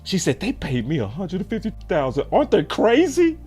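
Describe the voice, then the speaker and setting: A man telling a story in a casual, animated way and acting out the voices of the people he quotes. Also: sits high, brisk, breathy edge, soft background music. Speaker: sports show host.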